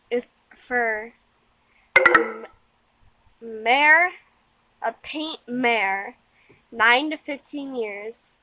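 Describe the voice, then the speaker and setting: Speaking in a high, pushed, bright voice, a weary young vlogger gives a loose, casual update outside in windy weather, stumbling through fillers and false starts. There's no room sound, and the audio quality is poor.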